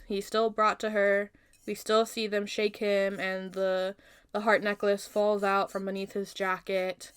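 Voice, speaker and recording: A young woman casually retelling a fairy tale in her own version, animated and jokey, with plenty of asides. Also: medium pitch, clear, resonant tone. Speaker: youtuber retelling a story.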